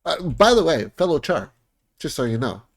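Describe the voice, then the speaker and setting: A man's voice: on the high side, big pitch swings, normal speed, creaky. A man chatting casually as he plays a game, amused and laughing often. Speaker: game streamer. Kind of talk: casual gameplay commentary.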